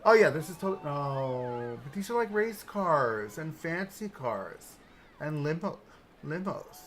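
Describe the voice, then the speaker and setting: A man live-streaming a park-building game, chatting and thinking aloud as he browses and places items, swinging between excited outbursts and low mutters. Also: a little slow. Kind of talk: casual live-stream commentary while building.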